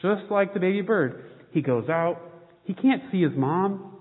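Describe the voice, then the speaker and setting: A man's voice: measured pace, soft background music. A man giving a children's sermon, reading a picture book aloud before turning to the day's scripture. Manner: animated read-aloud. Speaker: pastor. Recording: phone-like boomy hall sound.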